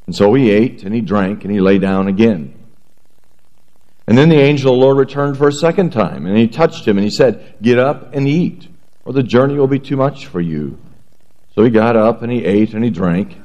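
A man preaching a sermon, reading scripture aloud in a measured, earnest way before praying and beginning his message. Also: on the low side, mellow, dull audio. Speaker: pastor.

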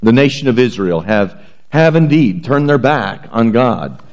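A man preaching a sermon, reading scripture aloud in a measured, earnest way before praying and beginning his message. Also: mid-range voice, animated, a little mellow, rough recording. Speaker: pastor.

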